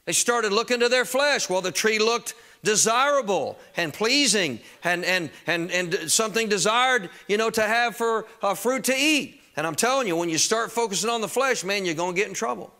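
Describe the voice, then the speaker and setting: A high, bright-voiced man preaching from the pulpit. He talks in a plain, conversational way to the congregation, then drives his points home with loud, emphatic bursts. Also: lively intonation, normal speed, few pauses. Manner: emphatic preaching, rising to shouts on key phrases. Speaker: pastor. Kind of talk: sermon.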